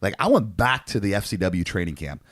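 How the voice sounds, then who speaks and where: Male podcast co-host, 40s, low-pitched, animated swearing storyteller, very dry recording. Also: fairly quick, dry recording. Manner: animated, profane, frequent fillers. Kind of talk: casual storytelling.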